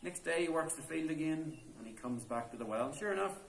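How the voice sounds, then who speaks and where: A man's voice: on the high side, expressive, fairly quick, creaky, a little hiss or hum. Guy telling an old folk tale, casual chatty delivery, big echo from the stone cave. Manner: chatty, unscripted, with fillers. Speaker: storyteller. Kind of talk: oral folk storytelling.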